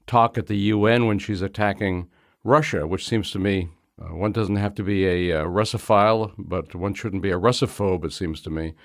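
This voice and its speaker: A man with a lowish voice hosts an interview. He stumbles over words as he frames his questions, and the sound is dry and close. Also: no room sound. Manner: halting, repeats words while framing questions. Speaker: host.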